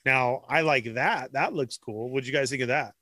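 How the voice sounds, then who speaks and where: Higher-voiced man, bright and tense, eager host, dry close recording. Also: normal speed, no echo. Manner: eager, steers topics, laughs loudly. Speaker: podcast host. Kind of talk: casual chat among collectors.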